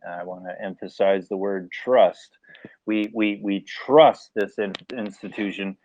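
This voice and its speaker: An American man speaking as a panelist in a casual live discussion, animated and acting out little scenarios as he talks. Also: on the low side, unhurried, no room sound. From United States. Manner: animated, acts out mock scenarios, laughs. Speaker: AMA panelist. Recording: tinny phone-like line, dry.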